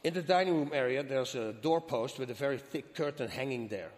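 Man, Dutch accent, animated storyteller, voices the dialogue, reverb-heavy room. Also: mid-range voice, brisk. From Netherlands. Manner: animated, acts out quoted dialogue. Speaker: interview guest. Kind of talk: storytelling in a sit-down interview. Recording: long hall reverb.

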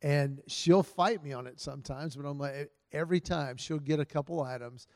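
A man's voice: a little high, brisk. Man, earnest storyteller, marriage advice talk, dry close mic, long reverb tail. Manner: earnest, storytelling, quotes his wife in his own voice. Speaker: speaker giving marriage advice to husbands. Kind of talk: casual talk to an audience.

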